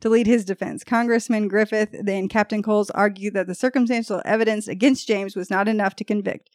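A woman's voice: medium pitch, steady tone, fairly quick, a little mellow, dry recording, clean studio sound. A woman hosting a podcast, reading out an old murder case and breaking off now and then to joke with her co-hosts. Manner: reads case details, breaks off to joke and laugh. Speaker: podcast host telling a true crime story. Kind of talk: casual true crime storytelling with banter.

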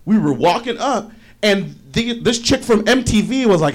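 A man's voice: sits high, expressive, moderate pace. A man co-hosting a casual group chat, telling a rambling story full of fillers, restarts and mild swearing. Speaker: podcast co-host.

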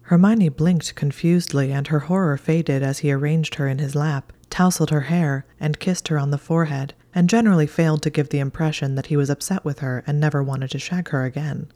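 A woman reading a story aloud in a soft, intimate reading voice. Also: low-pitched, fairly even intonation, a little fast, few pauses. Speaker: narrator. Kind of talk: fan fiction reading.

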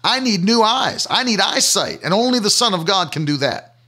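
A man acting out a blind beggar pleading earnestly for healing, in a high, bright and ringing voice, as part of a sermon. He sounds desperate and sure at once. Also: animated, normal speed, husky, exaggerated voice. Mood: believing.

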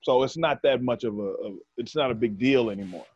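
A man's voice: medium pitch, fairly quick, a little mellow, slightly rough. A middle-aged man in casual chat, joking and laughing often with profane slang. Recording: dull lo-fi sound, dry.

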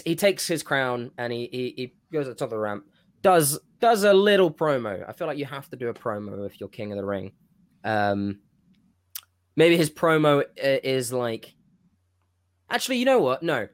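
A man on a casual podcast, rambling and stopping himself mid-thought as he pitches a wrestling storyline. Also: fairly bright tone, smooth, no room sound. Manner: rambling, self-interrupting. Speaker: podcast co-host. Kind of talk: casual wrestling fantasy-booking chat.

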